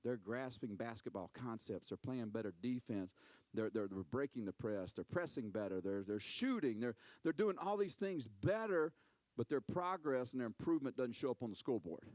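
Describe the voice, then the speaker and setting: A man preaching a sermon as a pastor, telling stories in an animated way, repeating words and acting out quotes. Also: mid-range voice, normal speed, no room sound.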